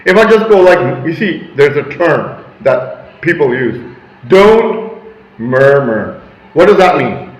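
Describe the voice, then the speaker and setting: A man's voice: on the high side, big pitch swings, takes it slowly. Emphatic man vlogging in an echoey room. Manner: emphatic, rambling, shifts into loud assertive bursts. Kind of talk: motivational monologue.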